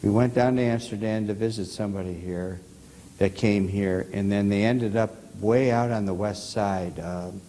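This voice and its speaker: A man's voice: lowish voice, fairly even intonation, mellow, big-room sound, a little hiss or hum, poor audio. A man preaching as pastor, telling loose anecdotes with many restarts and questions to the congregation. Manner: halting, repeats words, asks the congregation questions. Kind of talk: rambling sermon anecdotes. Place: church sanctuary.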